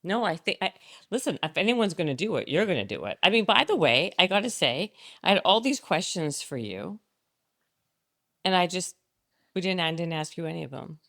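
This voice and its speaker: A woman podcast host chats casually with her guest and keeps the talk moving with eager, affirming replies. Her voice sits a little low. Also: big pitch swings, a little fast, gravelly, fairly bright tone. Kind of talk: casual interview chat. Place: podcast studio.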